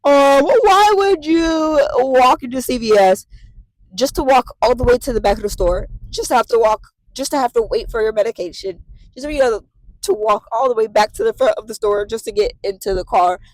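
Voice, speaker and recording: Animated woman in her late twenties venting. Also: fairly high pitch, fairly quick, dry recording, low-quality recording. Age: late 20s. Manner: animated, profane, repetitive venting. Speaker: vlogger. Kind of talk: casual storytelling to camera.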